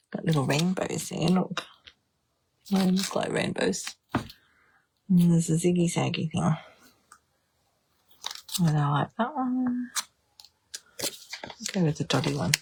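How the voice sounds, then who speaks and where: A woman's voice: fairly low pitch, lively intonation, slow, gravelly, long pauses, a little mellow, a little hiss or hum. A woman demonstrating card making on a live stream, chatting and thinking aloud as she decides. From Australia. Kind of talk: live crafting stream chat.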